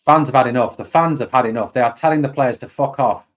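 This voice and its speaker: A man's voice: medium pitch, fast talker. A man hosting a live fan stream, reacting to a match result. He sounds angry and deflated, repeats himself and swears a lot. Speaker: fan channel host.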